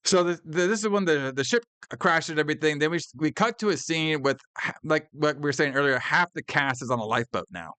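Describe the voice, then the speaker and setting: A man's voice: fairly high pitch, brisk, pushed and bright, clear, resonant tone, no room sound. A man co-hosting a podcast, casually recapping a horror movie scene by scene, swearing freely, laughing often and acting out characters' lines. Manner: profane, laughing, acts out movie lines in quotes. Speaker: podcast co-host.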